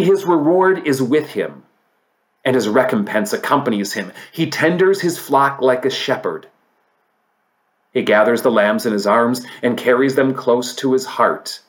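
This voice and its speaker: Male pastor, mid pitch, unhurried sermon delivery with emphatic scripture readings. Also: a bit bright. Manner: preaching, reads scripture aloud, rises to emphatic peaks then drops low.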